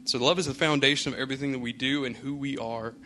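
A man's voice: medium pitch, steady tone, fast, bright, forceful tone, slight background noise. Casual, storytelling male pastor. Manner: casual storytelling, many fillers. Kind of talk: sermon with personal anecdote.

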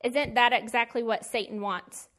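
A woman's voice: on the high side, fairly even intonation, normal speed, a bit bright. A woman teaching a Bible lesson in a casual sermon style, conversational and emphatic with plain slangy asides.

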